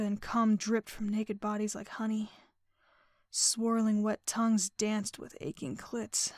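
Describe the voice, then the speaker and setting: Female erotic-story narrator: breathy, whispered and panting, fairly high pitch, close dry mic. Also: no echo. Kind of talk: first-person erotic audio story reading.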